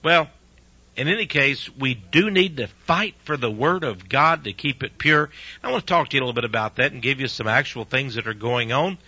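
Lively-voiced male radio preacher, lo-fi. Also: medium pitch, fairly quick, husky, dry recording. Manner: earnest, preachy, uses rhetorical questions. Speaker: radio preacher and show host. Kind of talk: conversational radio sermon.

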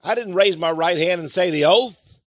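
A man whose voice sits high and a bit bright speaks at a moderate pace in a clean studio with no echo. A Bible teacher, he preaches sermon-style, reading and commenting on verses with emphatic rhetorical questions.

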